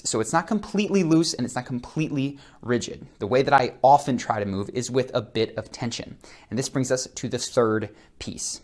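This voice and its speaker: Energetic man coaching on camera. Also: mid-range voice. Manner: energetic, demonstrative, plays with tone and rhythm. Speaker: charisma and body-language coach. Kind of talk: on-camera instructional talk. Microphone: close camera framing, seated.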